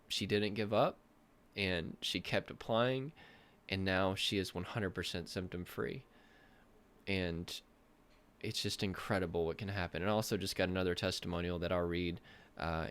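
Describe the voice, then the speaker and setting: Tearful man, low voice. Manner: tearful, heartfelt, halting. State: crying. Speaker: nervous system coach. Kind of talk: emotional to-camera talk.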